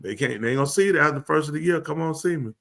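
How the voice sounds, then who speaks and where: A man racing through his lines with a fairly high, bright, animated voice and some vocal fry hosts a live comedy show. As a comedic talk show host, he riffs freely and performs both sides of a slangy conversation for the audience.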